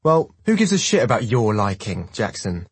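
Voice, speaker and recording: A man's voice: fairly low pitch, very animated, normal speed, slightly rough, no echo, full character voice. A man voicing a sarcastic young male pilot friend who complains and needles.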